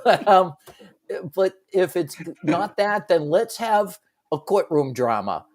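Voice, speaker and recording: Lively middle-aged man on talk radio. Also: sits high, slow pace. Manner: animated, bursts into shouted movie quotes. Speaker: radio sports talk co-host. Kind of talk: casual talk radio banter.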